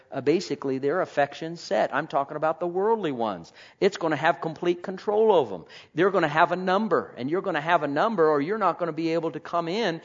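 A man preaching a sermon, swinging between loud proclaiming and quiet asides. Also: fairly high pitch. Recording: dull lo-fi recording.

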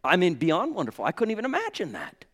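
A man preaching a sermon with fervor, swinging between hushed tones and ringing exclamations and calling his listeners brothers and sisters. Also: high-pitched, huge pitch swings, fast talker, husky. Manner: addresses the congregation as brothers and sisters.

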